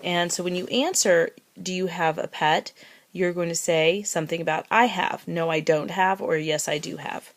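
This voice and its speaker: Woman teacher going over lesson notes, slightly low voice, slow and patient, repeats stuff and spells it out. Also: fairly even intonation. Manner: patient, spells words out letter by letter and repeats phrases slowly. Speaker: French teacher. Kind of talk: recorded classroom lesson.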